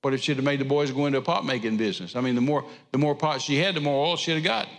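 A man's voice: mid-range voice, racing, in a large hall. A man preaching a sermon, retelling scripture with an emphatic, repetitive cadence. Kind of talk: sermon storytelling. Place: church sanctuary.

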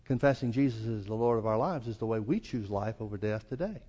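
A man's voice: quick pace, warm tone. A man with a Southern US accent preaching a sermon as pastor, folksy and acting out the quoted lines. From American South. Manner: folksy, acts out quoted lines with rising pitch. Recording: long reverb of a church hall.

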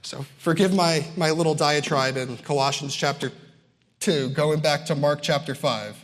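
A man's voice: fairly high pitch, normal speed. Emphatic preacher man in a reverberant hall. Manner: emphatic, builds phrases by repetition, casual asides. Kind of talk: sermon.

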